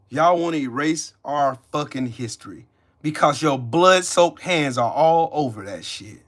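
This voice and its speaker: Furious cursing man, sharp forceful voice. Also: on the high side, lively intonation, normal speed. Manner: heated, cursing, accusatory, repeating lines. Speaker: channel host. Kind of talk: angry profane rant to camera.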